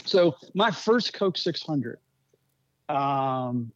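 A man's voice: mid-range voice, drawn-out words. Man telling stories, slightly muffled. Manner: animated anecdotes with many restarts. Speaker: speedway executive guest. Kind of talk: interview storytelling.

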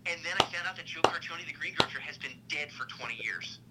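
A man's voice: on the high side, expressive, fast, very noisy. A man riffing in a comedy chat, telling absurd stories with over-sincere, mock-earnest conviction. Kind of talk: comedic improv banter.

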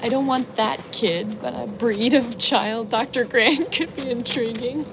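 An actress playing a wry, teasing woman in a film scene, with a gravelly voice. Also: a little high, measured pace. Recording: noisy film soundtrack.

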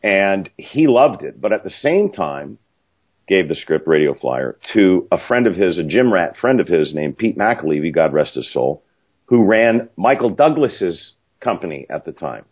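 An older man spins a profane, animated anecdote in a low, husky voice that rises and falls widely. He acts out other people's lines as he goes. The audio is muffled and lo-fi. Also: unhurried. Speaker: film writer-director guest. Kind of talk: casual anecdotal storytelling.

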